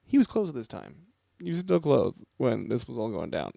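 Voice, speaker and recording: A man's voice: medium pitch, wildly swooping pitch, brisk, creaky, mellow, no room sound, studio quality. A young man co-hosting a podcast, chatting casually and joking as he reads out news stories. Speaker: podcast co-host. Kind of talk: casual chat.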